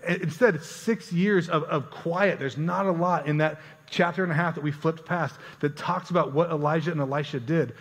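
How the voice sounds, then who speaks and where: A man's voice: a little high, normal speed, few pauses, breathy edge. Earnest male pastor in an echoing church. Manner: earnest, conversational preaching with repeated words. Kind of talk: sermon. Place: church sanctuary. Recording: church hall reverb.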